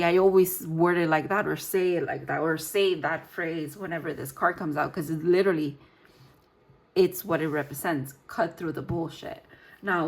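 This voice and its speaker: A woman giving a casual tarot reading, rambling and searching for her words with frequent fillers. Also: lowish voice. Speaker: tarot reader.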